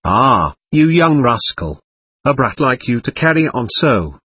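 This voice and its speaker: A man voicing a loud, scolding middle-aged market woman. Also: mid-range voice, very animated, unhurried, slightly rough, full character voice.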